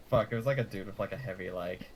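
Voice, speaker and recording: A man with a somewhat low voice chatting casually, swearing freely and rambling through his stories. He laughs mid-sentence, over a faint hiss of background noise. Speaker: tabletop game player. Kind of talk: casual chat.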